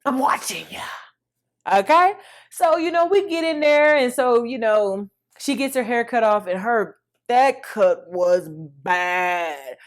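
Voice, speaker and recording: A woman in her thirties vlogs an emotional personal story, chatty and animated, addressing her viewers as y'all. Her voice is a little high.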